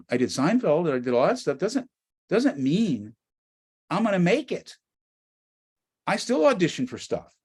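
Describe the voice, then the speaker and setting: Fairly high-pitched with a breathy edge, a middle-aged American from the United States gives an animated storytelling talk as a guest speaker. He veers from quiet asides to near-shouting.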